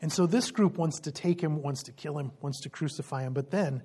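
This spirited expository preaching includes questions aimed at the congregation and the odd burst of laughter. The voice is mid-range, brisk, and slightly rough.

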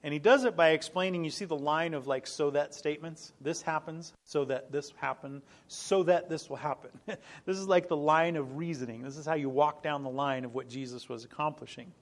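A man's voice: fairly high pitch, a little fast. A middle-aged man preaching a sermon as pastor, earnest and emphatic, repeating key phrases and breaking into small laughs. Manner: frequent small laughs and restarts.

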